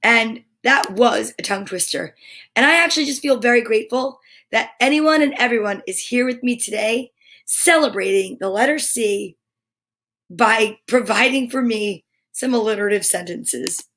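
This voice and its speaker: A woman hosts a live story time stream from home, her voice sitting a bit high. She chats with her audience in a bubbly, playful way and reads tongue twisters aloud. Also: moderate pace, a bit bright. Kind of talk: casual chatty live stream to viewers.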